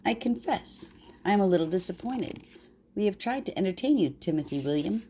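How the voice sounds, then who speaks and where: A woman's voice: mid-range voice, animated, brisk, mellow, a little hiss or hum, voice pushed up, natural voice. An older woman voicing a fussy, huffy male town mouse in a bedtime story, with a prim and a little sniffy manner.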